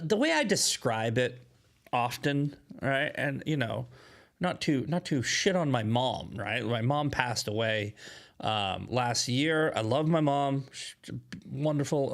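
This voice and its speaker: Emphatic man hosting political commentary. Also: medium pitch. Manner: emphatic, repeats "right?" often, restarts phrases.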